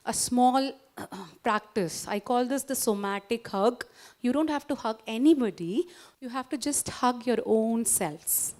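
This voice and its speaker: Indian English woman, fairly high voice, coaxing motivational speaker who keeps checking in with the room. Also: unhurried. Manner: warm, coaxing, interactive, asks the audience questions. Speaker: guest speaker at a doctors' society. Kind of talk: motivational lecture with guided exercise.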